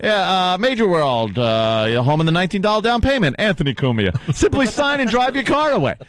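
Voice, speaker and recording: A man's voice: high voice, big pitch swings, fairly quick, no echo. A man imitating a female commercial announcer with a forced smiling voice and a sing-song ad-read delivery. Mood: mocking.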